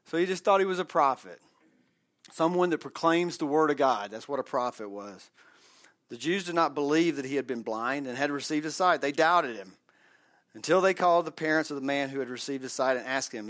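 A man leads a Bible study, his voice a touch higher than most. He talks in a loose, conversational way, reading passages aloud and stopping to explain them in plain words. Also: lively intonation, a little fast, a bit bright. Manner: conversational, reads scripture aloud with asides. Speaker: Bible class teacher.

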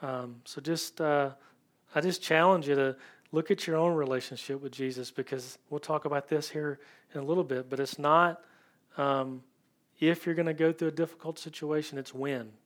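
Soft-spoken man preaching a sermon. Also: on the high side. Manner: conversational, searching, with many ums and pauses. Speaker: pastor.

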